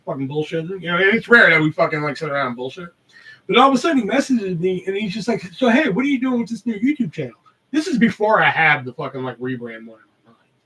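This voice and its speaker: A man's voice: on the high side, pushed and bright, distant mic, poor audio. A man hosting a live podcast, telling rambling stories in casual, heavily profane chat. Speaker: podcast host.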